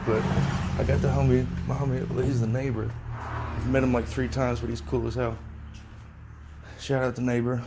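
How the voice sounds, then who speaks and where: A young man rambling casually on his own vlog, thinking out loud and swearing freely as he talks outdoors into a phone. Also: medium pitch, little pitch movement, moderate pace, pauses often, background noise. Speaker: podcast host, delivery driver. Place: outdoors at home.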